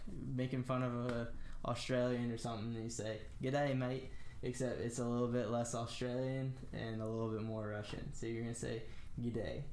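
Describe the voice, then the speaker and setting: A young American man giving a casual spoken language lesson, slowly demonstrating phrases with lots of "uh" and "um". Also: mid-range voice, darkish tone, echoey room, a little hiss or hum. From United States. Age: young adult. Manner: slow, careful demonstration of phrases with frequent fillers. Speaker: language tutor.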